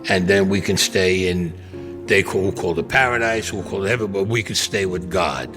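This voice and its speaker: A man's voice: low voice, normal speed, over music. A man, telling a story bluntly and profanely in an interview. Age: 70s. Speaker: interview guest.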